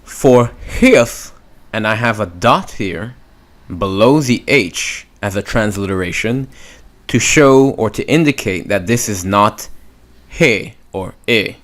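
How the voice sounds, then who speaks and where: A man's voice: fairly low pitch, a bit bright. A man teaching a beginners' language lesson, patiently sounding out words and repeating them. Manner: patient, drawn-out pronunciation demos. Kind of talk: slow spoken lesson.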